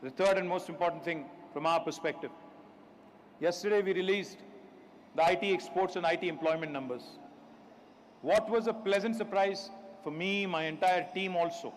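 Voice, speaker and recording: A man with an Indian English accent addresses an event audience in a fairly high voice, confident and emphatic, and he often poses rhetorical questions. A faint ambient noise sits under his speech. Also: moderate pace. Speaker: state minister giving a speech.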